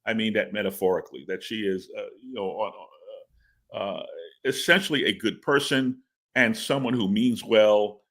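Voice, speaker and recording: A man's voice: fairly low pitch, moderate pace, a bit bright. A man talking as a guest in a casual interview, rambling and stammering with repeated words and laughs. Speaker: comic book writer interviewed as guest.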